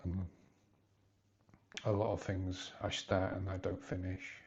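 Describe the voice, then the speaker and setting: Low, gravelly man in his fifties, halting confessional vlogger, dull lo-fi sound. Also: completely flat delivery. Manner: hesitant, halting, rambling with restarts. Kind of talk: personal confessional vlog.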